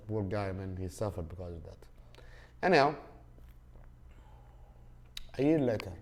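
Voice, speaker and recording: A Saudi Arabian man hosts a podcast, telling stories casually in a fairly low, darkish voice. He rambles, with lots of fillers and restarts.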